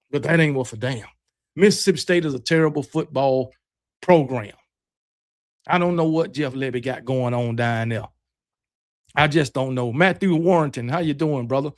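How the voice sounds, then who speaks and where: A man's voice: on the high side, no room sound, clean studio sound. A man with a Southern US accent hosting a fan livestream, rambling and trash-talking loosely, peppering his talk with "man" and "y'all.". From Alabama, US. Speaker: host of a fan livestream show. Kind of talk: casual livestream chat, reading super chats.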